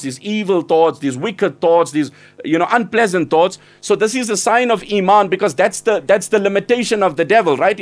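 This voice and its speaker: A man giving an earnest, urgent Islamic lecture, exhorting listeners and breaking into quick Arabic recitation. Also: high voice. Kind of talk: sermon.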